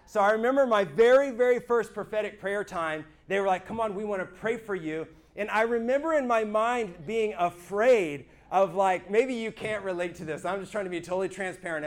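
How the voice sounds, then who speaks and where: A man sharing his church testimony with a small group, earnest and animated, often checking in with his listeners. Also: high voice, a little fast, few pauses. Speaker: speaker giving his testimony.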